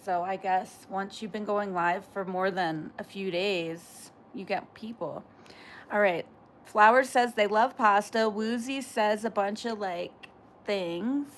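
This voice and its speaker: A woman's voice: medium pitch, slow, slight background noise. A woman livestreaming, chatting casually with her viewers and answering comments in a rambling way, full of fillers. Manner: rambling, filler-heavy, talks back to chat. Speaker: livestreamer reading chat.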